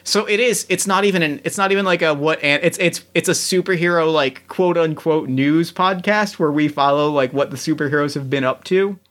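A man's voice: fairly high pitch, a little fast, few pauses, fairly bright tone. A man chatting casually as a tabletop game player, rambling and interrupting himself with jokes. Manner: rambling, self-interrupting, jokey. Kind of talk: casual chat.

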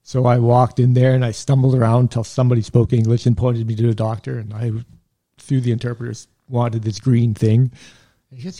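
A middle-aged man with a low, gravelly and husky voice, dark in tone. He tells long work stories in a loose, laid-back way, drifting into asides and chuckling as he goes. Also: level tone, fairly quick. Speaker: guest, veteran paramedic and army medic. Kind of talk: casual storytelling.

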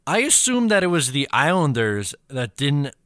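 A man's voice: a little high, very animated, normal speed, fairly bright tone, no room sound, clean studio sound. A man co-hosting a casual sports podcast, steadily explaining and moving each segment along. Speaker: podcast co-host.

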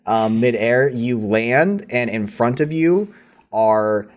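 A man's voice: mid-range voice, slow. A man narrating as game master in casual, hesitant speech full of fillers.

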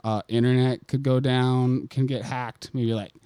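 A man's voice: mid-range voice, flat delivery, unhurried, mellow, clean tone, no room sound. A man co-hosting a casual podcast, rambling and swearing freely as he tells stories, on a close mic. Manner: profane, rambling storyteller. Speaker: podcast co-host.

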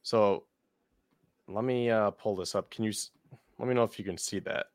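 A man with a lowish voice co-hosts a sports podcast, rambling a little while reading off team stats in casual chat. The studio-quality recording has no room sound, and he speaks at a moderate pace.

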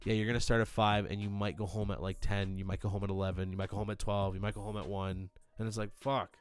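A man's voice: on the low side, flat delivery, fast talker, smooth. A young man co-hosting a podcast, rowdy and profane, saying dude constantly in casual banter. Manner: rowdy, swears a lot, says dude constantly. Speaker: podcast co-host.

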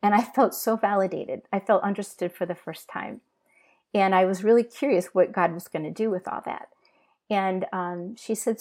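A woman giving an emotional personal testimony as an interview guest, talking earnestly and halting with restarts. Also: mid-range voice, steady tone, darkish tone.

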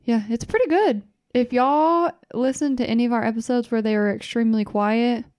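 A woman's voice: a little high, brisk, darkish tone, dry recording, studio quality. A woman from Kentucky with a Southern accent, co-hosting a podcast in casual chat and laughing often. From Kentucky, USA. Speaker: podcast co-host.

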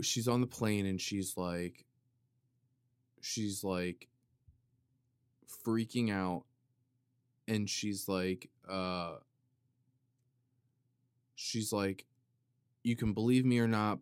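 A man chats through his podcast in a loose, rambling monologue that keeps drifting off on tangents and is peppered with swearing. His voice sits on the low side, and the sound is dry and close with no room echo. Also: smooth. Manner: rambling, tangent-prone, profane, animated. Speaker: podcast host.

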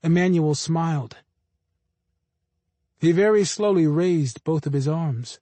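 A man narrates a story in the steady, careful manner of an audiobook reader. His voice sits a little high and he takes his time over every phrase. The recording is dry and close, with no room sound. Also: no echo. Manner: measured, unhurried storytelling. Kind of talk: scripted narration.

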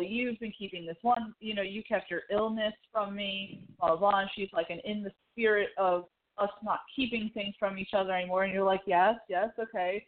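A woman co-hosting a podcast talks through favorite scenes of a series, slipping into the characters' voices as she retells them. Her voice sits at a middle pitch. The sound is narrow and phone-like. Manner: chatty, animated retelling with acted-out quotes. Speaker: podcast co-host. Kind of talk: casual podcast chat about a TV show.

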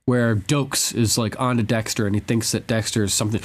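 A man's voice: fairly low pitch, steady tone, brisk. A man co-hosting a casual podcast chat, retelling TV scenes animatedly, acting out quotes and laughing often. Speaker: podcast co-host.

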